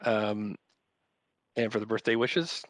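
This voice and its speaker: A man chairing a council meeting, calling speakers politely and briskly, with frequent fillers. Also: fairly low pitch, little pitch movement, no echo.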